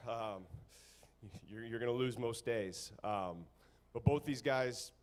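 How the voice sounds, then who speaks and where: A man's voice: medium pitch, slow pace. A man, a golf coach, speaking at a ceremony, often repeating words and using many fillers. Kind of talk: ceremony speech.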